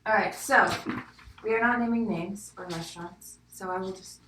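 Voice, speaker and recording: A woman's voice: mid-range voice, moderate pace, distant mic, noisy background. A young woman with a slight Southern American accent, co-hosting a podcast in a rambling, giggly chat. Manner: giggly, rambling, many likes. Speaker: podcast co-host. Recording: echoey room, off-mic.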